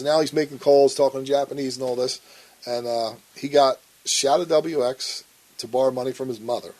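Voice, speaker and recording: Speaking at normal speed with a medium pitch and a darkish tone, a man recounts a story as a guest in a blunt interview. He swears often and acts out the arguments he's quoting. The audio is poor.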